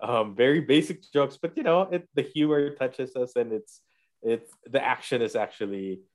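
A man's voice: mid-range voice, normal speed. A man casually recapping a TV episode for his co-hosts, retelling scenes and acting out the characters' lines with frequent laughs. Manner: animated storyteller, acts out quotes, laughs often. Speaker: podcast host recapping a TV episode. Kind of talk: casual chat.

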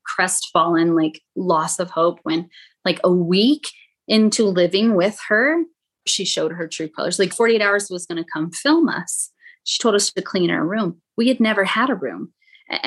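Woman telling a painful story, halting. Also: lowish voice, fairly bright tone. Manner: halting, frequent "like" fillers, quotes others in raised voice. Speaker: podcast guest. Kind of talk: emotional personal storytelling.

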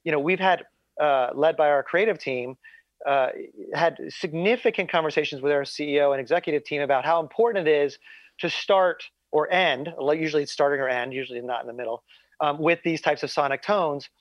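A man's voice: fairly high pitch, a little fast, no room sound. Man podcast host on a dull lo-fi mic. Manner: rambling, repeats words, many fillers. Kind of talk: casual podcast chat.

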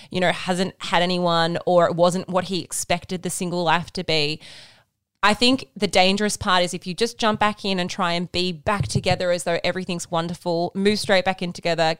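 A woman, co-hosting a podcast and giving steady, reassuring advice in casual chat. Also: lowish voice, clear, resonant tone, no room sound. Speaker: podcast co-host.

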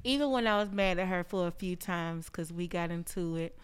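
A woman, a rapper guesting on a podcast, telling lively stories and acting out quotes with frequent laughs. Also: on the low side, brisk, clean tone. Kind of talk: animated storytelling in casual chat.

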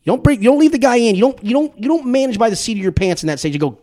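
A man with an American accent hosting a casual sports podcast, an animated storyteller who repeats words when he gets going. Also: extremely high pitch, very fast, hardly any pauses. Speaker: podcast host.

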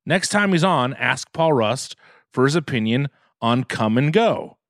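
A man's voice: mid-range voice, expressive, unhurried, dry recording, studio quality. A man co-hosting a podcast, joking around and reading listener mail in a casual chat. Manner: jokey, reads listener mail aloud. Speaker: podcast co-host.

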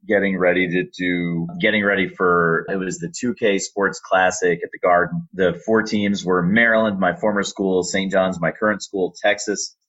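Low husky-voiced man telling stories. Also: moderate pace, hardly any pauses, highs cut off. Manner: animated storyteller, lively, acts out quotes. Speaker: arena public address announcer. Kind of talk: storytelling in a podcast interview.

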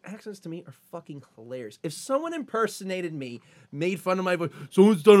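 A man's voice: high-pitched, very animated, fairly quick, a little mellow. A man co-hosting a podcast in rambling casual chat, swearing a lot and acting out the lines he quotes. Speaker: podcast co-host.

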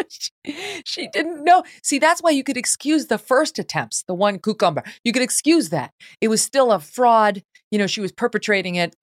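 A woman's voice: medium pitch, animated, brisk, few pauses, no echo, clean studio sound. A woman hosting a podcast, talking casually and sarcastically and laughing often. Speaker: podcast host. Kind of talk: casual talk-show commentary.

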